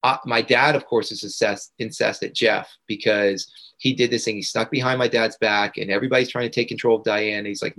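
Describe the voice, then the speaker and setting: A man's voice: lowish voice, a little fast, vocal fry, a bit bright. A man, a guest on a podcast, earnestly telling a personal story and emphatically repeating key words. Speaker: podcast guest, integration coach.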